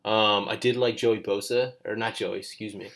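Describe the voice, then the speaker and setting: A man co-hosts a studio podcast, rambling and joking in a laid-back casual chat. His voice sits on the low side with a steady, fairly bright tone at a normal speed, and there's a little hiss or hum.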